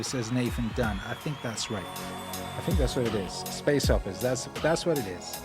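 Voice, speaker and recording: A man with an ordinary, mid-pitched voice chats loosely through a livestream, rambling, joking and reading out viewer comments. He talks into a stand microphone in a home studio, with music playing behind him. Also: lively intonation, moderate pace, echoey room, big-room sound. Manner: loose, rambling and jokey, with playful asides. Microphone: microphone on a stand in front of him.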